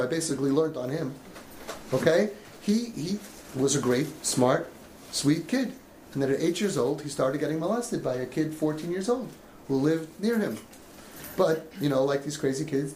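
A man's voice: fairly high pitch, a little mellow, slight background noise. Passionate man coaching parents, echoey room. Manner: passionate, acts out parents' and kids' voices. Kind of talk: emotional talk to a parents' group. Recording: echoey room with faint ambience.

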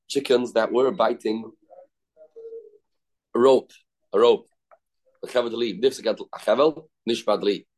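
His voice is lowish and a little mellow as he teaches Talmud informally. He keeps restarting sentences, repeats terms, and blends Hebrew and Yiddish vocabulary into the lesson.

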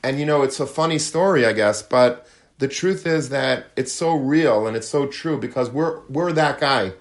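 A man's voice: mid-range voice, normal speed. Male rabbi, sermon storyteller with plenty of color. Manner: lively storyteller, acts out quotes, Yiddish and Hebrew terms. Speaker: rabbi giving a talk.

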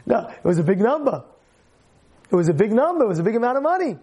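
A man teaching a Torah lesson in a lively way, questioning his listeners and acting out stories. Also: extremely high pitch, quick pace, breathy edge. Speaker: religious teacher.

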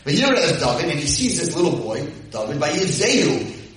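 Animated man lecturing in an echoey hall. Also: a little high, normal speed. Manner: lively, dramatic retelling, translating verses line by line. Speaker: rabbi giving a Torah lecture. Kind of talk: storytelling lecture. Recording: echoey hall, distant mic.

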